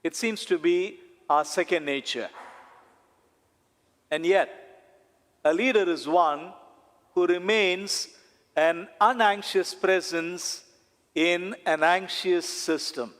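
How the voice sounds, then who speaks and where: A man, a priest, preaching a sermon slowly and deliberately, with dramatic pauses and repetition. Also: sits high, a bit bright. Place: church. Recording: long church reverb.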